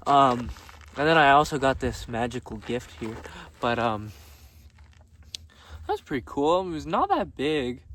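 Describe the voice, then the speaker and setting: A man vlogging outdoors on a gravel road, casually recapping his day with frequent laughter and easy swearing. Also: medium pitch. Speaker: vlogger dressed as a jester. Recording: distant mic with faint outdoor noise.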